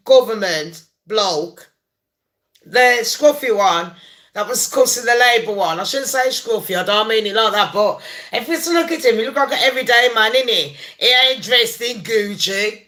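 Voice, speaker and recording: Woman, swearing gossip vlogger, rambling heated rant, bright edgy voice. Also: on the high side, expressive, moderate pace. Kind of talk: ranting commentary vlog.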